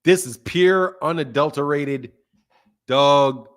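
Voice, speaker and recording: A fairly high-pitched young man hosts a boxing stream in a heated rant. He repeats his points over and over, swears freely, and jumps between loud, shouted bursts and low, muttered asides. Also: takes it slowly. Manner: emphatic, repetitive, profane, swings between loud and quiet. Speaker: boxing channel host.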